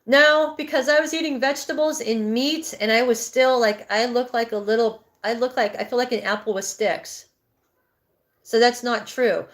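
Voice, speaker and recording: A woman's voice: a little high, fairly even intonation, moderate pace. A woman in her fifties coaching breathwork on a live stream, candid and rambling, often correcting herself mid-sentence. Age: 50s.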